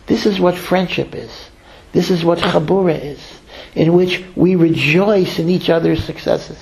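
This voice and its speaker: A man giving a storytelling sermon, lively, slowing to stress key lines and acting out the voices he quotes. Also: high voice, creaky, low-quality recording. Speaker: rabbi.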